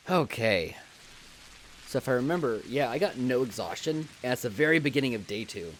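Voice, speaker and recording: A man's voice: medium pitch, expressive, brisk, slight background noise. A man doing casual live game commentary, chatty and jokey, thinking aloud as he plays into a desk microphone. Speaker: streamer.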